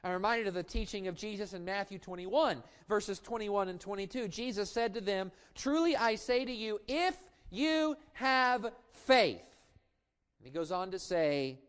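A middle-aged man preaching a sermon as a pastor, passionate, drawing out key phrases slowly and dropping to quiet asides, with some stammered restarts. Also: high voice, lively intonation, clear, resonant tone. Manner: impassioned preaching with slow drawn-out emphasis and sudden drops to quiet asides; stammers and restarts when building up.

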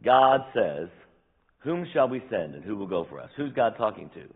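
Man preaching, husky tiring voice, animated, tinny lo-fi church recording. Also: on the low side, moderate pace. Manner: animated preaching, acts out scripture quotes. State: voice tiring, dry throat. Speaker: pastor. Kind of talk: sermon. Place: church sanctuary.

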